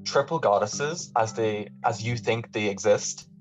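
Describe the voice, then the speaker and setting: An Irish man talking as a podcast guest in a lively, casual way, often restarting his sentences. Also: fairly low pitch. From Ireland. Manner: animated, talks fast with many restarts. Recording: dull lo-fi audio with faint music.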